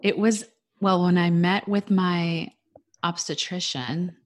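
A woman in her thirties telling her fertility story in a casual chat, animated and quick to quote what people said. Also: fairly low pitch.

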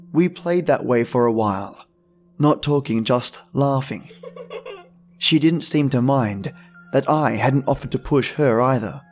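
A man narrating a creepy tale at a middle pitch, unhurried and low in volume. He sounds friendly and chatty, with faint music underneath. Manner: friendly, chatty intro, then slow hushed reading. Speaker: podcast host and narrator. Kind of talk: scripted horror story narration.

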